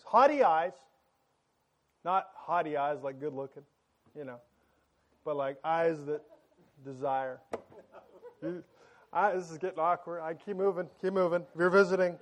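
Male pastor, 30s, high-pitched, loud excited preacher who jokes and tells family anecdotes. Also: moderate pace, pauses often. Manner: joking, storytelling, loud and excited. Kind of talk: sermon. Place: church sanctuary.

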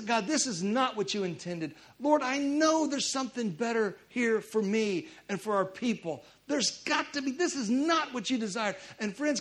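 A man preaching a sermon in a church, his voice pitched high and swinging widely up and down. He tells stories with animated energy, jumping to loud emphasis on key lines. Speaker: pastor.

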